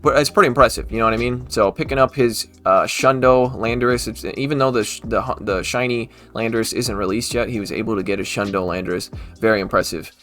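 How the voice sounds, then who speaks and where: A man hosting a gaming channel, casually commenting on online battles with chatty asides and quick self-corrections. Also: mid-range voice, a bit bright, soft background music.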